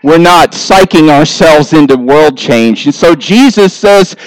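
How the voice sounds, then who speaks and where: A man preaching a sermon in a high, unhurried voice. His tone is smooth and clear, and the recording is dry and close with no room sound. He acts out people's words in short, lively asides. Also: no echo, low-quality recording. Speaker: pastor.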